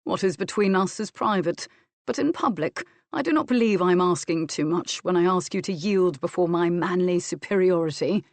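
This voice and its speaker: A stern Scottish earl who lectures but softens into fondness, as a woman narrator gives him voice. The delivery is firm and measured, with no attempt at a deep male register. The recording is dry and close. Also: dry recording, natural voice. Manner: firm, scolding, then teasing.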